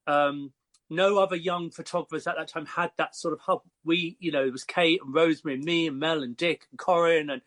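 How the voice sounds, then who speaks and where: An English man in his fifties, a hairstylist guest telling lively, chatty stories with frequent fillers. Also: on the high side, fairly quick. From Croydon, England. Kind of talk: casual storytelling.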